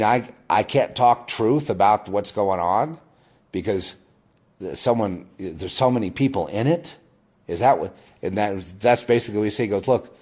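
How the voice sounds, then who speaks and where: Man, very low voice, husky, rambling testimony, emphatic then hushed. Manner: rambling, many restarts, swings from loud bursts to low murmurs. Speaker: video host. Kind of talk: personal testimony monologue.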